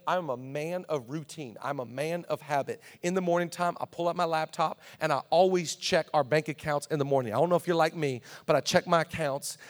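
A pastor delivers a sermon to his church in a voice set high for a man. He repeats key words for emphasis and swings between quiet, confiding asides and loud, driving declarations.

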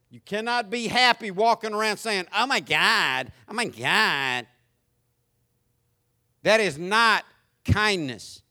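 A man's voice: sits high, pushed and bright. A man with a Southern US accent preaching a sermon, folksy and emphatic. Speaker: pastor.

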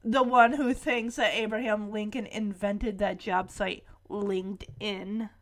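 A woman's voice: mid-range voice, little pitch movement, a little slow. A woman casually recapping a TV episode, with sarcastic, amused asides.

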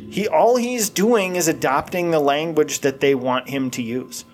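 A man's voice: on the high side, normal speed, a little mellow, faint music behind. A middle-aged man co-hosting a podcast, talking in a crude, blunt way and laughing often. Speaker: podcast co-host. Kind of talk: casual chat.

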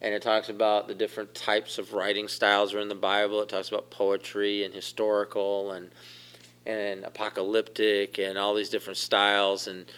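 Male pastor, bright tone, chatty sermon style with questions to the room. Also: lowish voice, monotone, normal speed, clear, resonant tone. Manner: conversational, asks the congregation questions and laughs.

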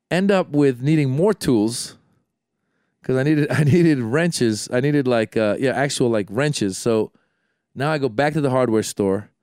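Man, podcast host, animated storyteller, self-deprecating, dry close sound. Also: medium pitch, no room sound. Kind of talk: casual chat.

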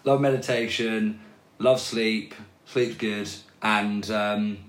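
A man's voice: on the low side, fairly even intonation, slow pace. A man guest on a podcast interview, talking casually and hesitantly with many restarts and fillers. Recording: roomy echo.

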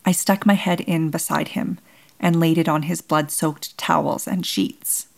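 A woman narrating her own memoir as a mother, in measured, solemn, short plain sentences. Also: sits low, fairly even intonation, gravelly, a little mellow. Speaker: bereaved mother telling her story. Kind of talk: first-person memoir narration.

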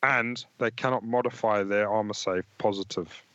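A man's voice: lowish voice, steady tone, normal speed, fairly bright tone, dry recording. A male co-host explaining tabletop game rules in a matter-of-fact, easygoing way, laughing easily. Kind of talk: casual game rules discussion. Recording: dull lo-fi sound.

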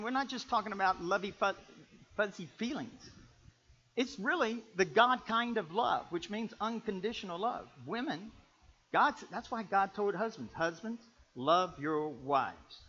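High, bright-voiced animated preacher man. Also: moderate pace. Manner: animated, swings from shouting to low storytelling. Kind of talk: sermon on marriage. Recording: muffled lo-fi recording.

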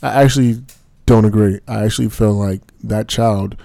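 A man co-hosting a podcast talks earnestly, pausing and searching for words. His voice has a gravelly edge and sounds dry and close. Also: fairly low pitch, fairly even intonation, mellow, no room sound. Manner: earnest, halting, many fillers. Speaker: podcast co-host. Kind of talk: casual podcast chat.

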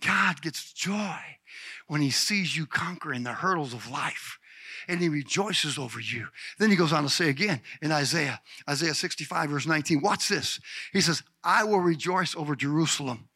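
Male pastor, lively sermon delivery, high bright voice, no room echo. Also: moderate pace, breathy edge. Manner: exuberant, calls out congregation members by name.

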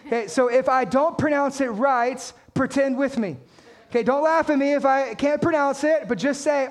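A pastor with a strikingly high voice delivers his sermon with lively energy. He talks in a conversational way, throws rhetorical questions at the congregation and reads scripture aloud. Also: fairly quick.

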